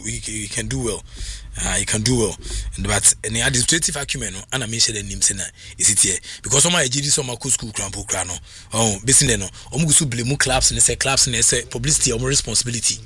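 A man talking football on sports radio, animated and full of halting restarts. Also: medium pitch, a little hiss or hum. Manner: animated, mixes Twi and English, halting restarts. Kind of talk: sports talk radio chat.

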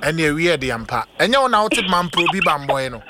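A man's voice: a little high, brisk, noisy background. A young man hosting a casual, teasing chat in a mix of pidgin and English. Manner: playful, teasing, lively banter.

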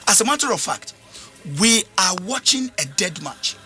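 A man's voice: high voice, very animated, moderate pace, pushed and bright, soft background music. A man preaching a sermon, emphatic, switching languages and repeating phrases. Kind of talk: sermon with interpreter.

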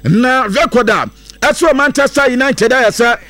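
A man presenting football news in a lively, casual way, lilting into a sing-song now and then. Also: very high voice, unhurried, no room sound. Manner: lively, mixes English into Akan, sing-song lilts and bursts of laughter.

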